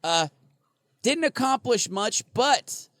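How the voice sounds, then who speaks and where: A man's voice: extremely high pitch, lively intonation, slow pace, a bit bright, dry recording. A man co-hosting a casual podcast, rambling, laughing and swearing freely. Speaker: podcast co-host.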